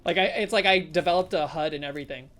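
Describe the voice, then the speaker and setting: A woman's voice: deep voice, fast, a bit bright, soft background music. A woman streamer giving casual live commentary on a game, chatty and talking to her viewers, with sudden startled exclamations. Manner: chatty, talks to chat, jumpy exclamations.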